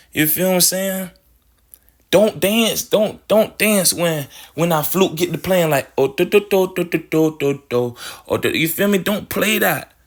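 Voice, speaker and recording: A man's voice: high voice, fairly bright tone. A man delivering a rambling spiritual monologue, playing with words, restarting phrases and checking in with "you feel me". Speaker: spiritual speaker.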